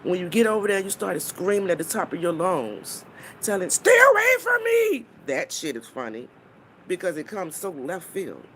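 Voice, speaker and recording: A woman's voice: lowish voice, normal speed, very noisy. A woman on a live stream, talking bluntly and mockingly to her viewers, swearing freely and stopping to greet people in the chat.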